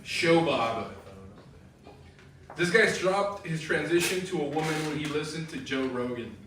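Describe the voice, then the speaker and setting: Male emcee, somewhat higher voice, casual and unsure, distant mic in a reverberant club with noise. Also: a little slow. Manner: casual, a little unsure, laughs at the jokes. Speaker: open mic host. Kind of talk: emceeing, reading roast comments from chat. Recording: echoey room, far from the mic, with noise.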